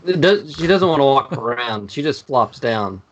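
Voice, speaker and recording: Man, podcast co-host, casual chat, animated pitch, wry asides, dull lo-fi audio. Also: moderate pace, a crowd in the background.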